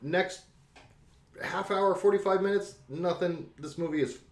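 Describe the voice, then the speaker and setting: A man's voice: high voice, a little slow. Enthusiastic man in an echoey room. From spent late teens on the East Coast. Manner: enthusiastic, rambling, laughs often. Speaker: podcast co-host. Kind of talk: casual movie discussion.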